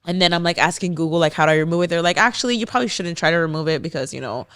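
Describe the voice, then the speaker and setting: Young female podcast co-host, animated storyteller, dry studio mic. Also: on the low side, racing, clear, resonant tone, no room sound. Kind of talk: casual chat.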